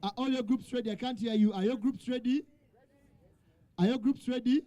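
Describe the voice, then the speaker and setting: High-voiced man hosting a quiz. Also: steady tone, a little fast, mellow. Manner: calls out to the crowd and jokes with teams. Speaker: event host. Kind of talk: hosting a live quiz night. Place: event venue with a crowd.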